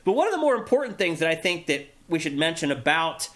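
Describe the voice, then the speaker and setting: A man's voice: a little high, sing-song, fast talker, a bit bright. A man hosting a casual gaming podcast, eagerly walking through game features. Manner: enthusiastic, explanatory, runs through game features. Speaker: podcast host. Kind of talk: casual chat.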